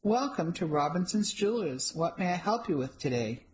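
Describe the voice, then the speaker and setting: A woman voicing a blunt, dramatic jeweler of about fifty who has a gravelly voice and a haughty manner. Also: lowish voice, animated, normal speed, a little mellow, close to an everyday voice, rough recording. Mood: businesslike. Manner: haughty, dismissive. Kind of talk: audiobook character reading.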